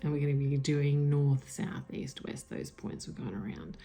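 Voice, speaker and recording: A woman with a dark, mellow voice and a gravelly edge tells her story with excitement. She drops into whispers and swears now and then, full of fillers. Faint music sits behind her on a lo-fi tablet recording. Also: rumbling low, moderate pace. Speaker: vlogger. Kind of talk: emotional personal storytelling. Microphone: tablet mic.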